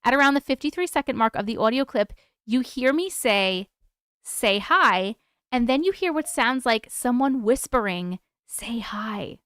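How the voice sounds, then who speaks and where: Picture a woman streamer at her desk at home, chatting away and swearing without a second thought. Her voice sits a touch high and comes through smooth and clear. The sound is close and dry. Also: moderate pace, no room sound. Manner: chatty, swears freely, excitable. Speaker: host of a live stream. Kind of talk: casual live-stream chat.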